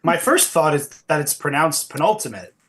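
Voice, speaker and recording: A man's voice: on the high side, big pitch swings, normal speed, fairly bright tone. A man playing in a tabletop game, casually and pedantically arguing a pronunciation while hedging his claims. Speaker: player. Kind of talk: casual chat on a stream.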